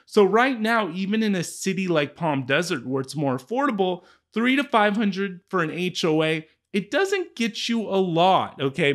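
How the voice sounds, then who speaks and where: A man with a slightly high voice explains a home search in a relaxed, chatty way. He is a real estate agent who keeps checking in with the listener as he goes. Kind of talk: casual explanatory walkthrough.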